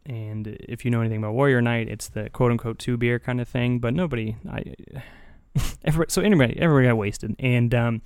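A man's voice: medium pitch, fast, darkish tone, smooth, dry recording, clean studio sound. Laid-back man telling a story. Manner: laid-back, laughs often, swears casually. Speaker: podcast host. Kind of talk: casual storytelling chat.

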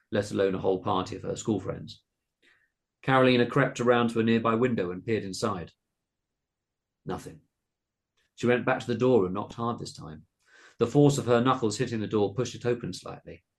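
A man reading a comic spooky short story aloud in a hushed, suspenseful narrating tone. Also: lowish voice, creaky. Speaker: podcast host reading his story.

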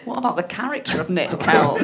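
A woman in her thirties, co-hosting a podcast, chatting casually and telling a story with frequent giggles. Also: medium pitch. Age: 30s. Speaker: podcast co-host. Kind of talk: casual chat.

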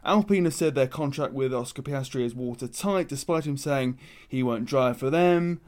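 In a casual motorsport discussion, a podcast co-host runs through the news with chatty opinions before handing over. His mid-range voice is a little mellow and moves at a moderate pace.

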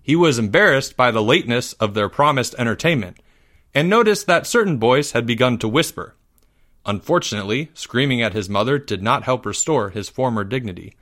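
A man hosting a podcast and reading a children's story aloud in a steady storytelling manner. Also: mid-range voice, fairly quick.

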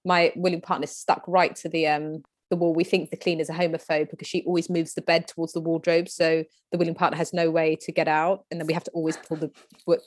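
A woman's voice: low-pitched, level tone, quick pace. A woman, chatting as a podcast co-host in a gossipy, cheeky way. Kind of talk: casual chat.

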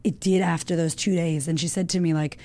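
A woman in her thirties, a women's coach, talking as a guest in an animated, emotional way, full of fillers and the odd swear word. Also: on the low side, a little fast. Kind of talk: casual chat.

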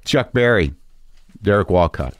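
A podcast host with a fairly low, animated voice speaks a little slowly from his home garage studio, with no echo. His casual monologue rambles loosely, full of fillers and restarts, before he reads poetry aloud.

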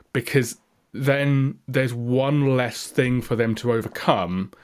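A man's voice: medium pitch, steady tone, slow pace, smooth. A man with a neutral English accent co-hosting a podcast in casual chat, rambling with many restarts. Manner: rambling, full of fillers and restarts. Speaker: podcast co-host.

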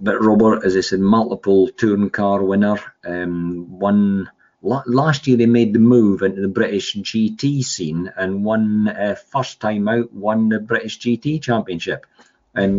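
A man's voice: on the low side, a little mellow. A man in his sixties, a guest telling stories in a rambling, casual way with lots of fillers. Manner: rambling, with many fillers and restarts. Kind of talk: casual storytelling. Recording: dull lo-fi sound.

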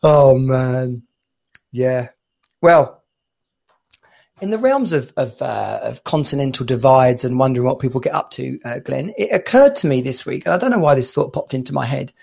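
A man's voice: medium pitch, expressive, normal speed, gravelly, a little mellow. A young man co-hosting a podcast, chatting casually, swearing and laughing often, putting on voices to retell stories. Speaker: podcast co-host. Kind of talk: casual chat.

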